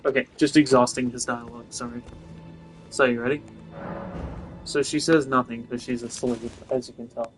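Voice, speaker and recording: A man's voice: medium pitch, steady tone, normal speed, pauses often, faint music behind, low-quality recording. A young man giving casual gameplay commentary, rambling with lots of fillers and self-corrections. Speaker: gaming video host.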